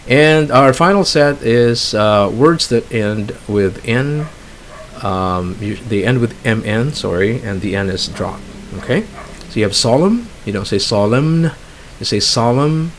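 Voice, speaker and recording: A man with a fairly low voice gives a relaxed pronunciation lesson, working through words one at a time with easy fillers. A faint hiss sits under the recording. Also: a little slow. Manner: relaxed, explains with fillers and asides. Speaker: English pronunciation trainer. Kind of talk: casual online lesson.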